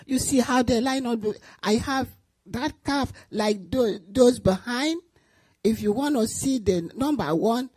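A woman's voice: a little high, warm tone, breathy edge, no room sound. A woman teaching Sunday school, telling an emotional personal testimony with repetition and acted-out quotes.

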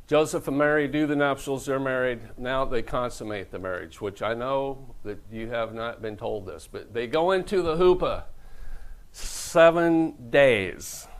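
Pastor, middle-aged man, gravelly voice, preaches with jokes and acted-out quotes. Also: mid-range voice, low-quality recording. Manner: joking, storytelling, acts out quoted voices. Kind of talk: humorous sermon.

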